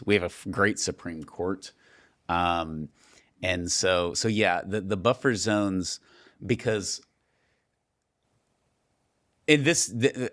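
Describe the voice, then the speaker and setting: Chatty lively male podcast host. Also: deep voice. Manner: animated storyteller, laughs often. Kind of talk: casual conversation.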